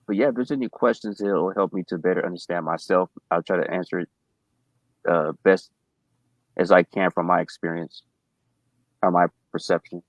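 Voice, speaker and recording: Man, low voice, relaxed casual chat, dry close sound. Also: normal speed, long pauses, no room sound, muffled recording. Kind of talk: casual conversation.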